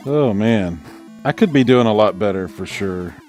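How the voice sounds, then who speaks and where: A man's voice: on the low side, lively intonation, normal speed, a little mellow. A middle-aged man streaming a game in casual chat, laid-back and chuckling at himself. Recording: faint game music behind.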